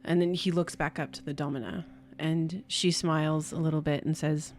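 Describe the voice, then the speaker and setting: A woman's voice: deep voice, fairly even intonation, moderate pace, hardly any pauses, darkish tone, soft background music. A woman narrating a tabletop game as game master, chatty and stopping often to correct herself.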